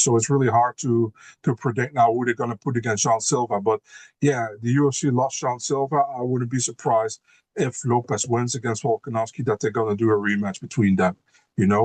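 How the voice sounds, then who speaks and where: A man's voice: medium pitch, a little mellow, no room sound. A man speaking as a guest fight analyst in a casual podcast chat, blunt and given to swearing, with frequent restarts and repeated words.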